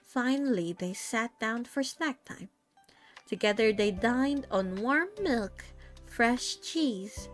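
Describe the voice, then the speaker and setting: A young woman with a high voice reads a story game aloud to her stream, slowly and in a storybook manner. She breaks off for casual asides. Faint background music runs under her voice. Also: expressive.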